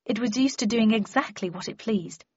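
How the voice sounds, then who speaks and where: A woman narrating a story in the first person in an even, wry manner. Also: on the high side, normal speed, husky, no echo, highs cut off. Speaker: audiobook narrator.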